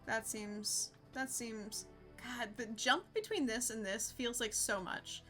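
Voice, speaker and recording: A woman's voice: fairly high pitch, slow pace, a bit bright, soft background music. A young woman streaming a game, chatting casually with her viewers and laughing often. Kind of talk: casual live-stream chat.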